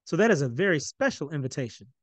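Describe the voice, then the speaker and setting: A man reading a calm, firm father. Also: fairly high pitch, no echo. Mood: measured. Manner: measured and deliberate.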